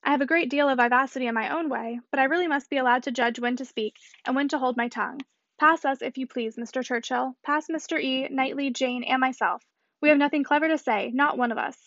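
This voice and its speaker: Pompous, affected society wife, read by a woman, brisk and high, dry slightly dull sound. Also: a bit bright, no room sound. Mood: haughty. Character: pompous self-important married woman. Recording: slightly muffled dry recording.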